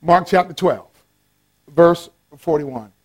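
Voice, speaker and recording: Man, pastor, sermon, high voice, playful, animated, call-and-response. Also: takes it slowly.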